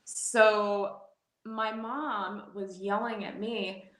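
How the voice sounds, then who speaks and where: A woman in her forties, a guest telling a personal story in a casual interview, animated and quick to laugh, often restarting her sentences. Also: medium pitch. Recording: echoey room.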